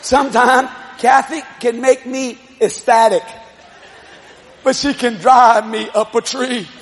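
A man preaching a televised sermon to a congregation, shouting and telling stories. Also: very high-pitched, steady tone, slow pace, a faint crowd. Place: church service before a congregation. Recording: live congregation with loud laughter and noise.

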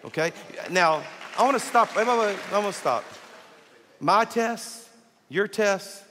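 Man, pastor, sermon, animated storytelling, slightly high voice, long hall reverb. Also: slow pace, slight background noise. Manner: animated storyteller who acts out dialogue.

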